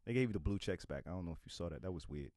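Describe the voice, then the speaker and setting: A middle-aged man, a comedian guest, talking casually and animatedly on a podcast, now and then breaking into loud impressions. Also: low voice, animated, racing, dry recording, clean studio sound.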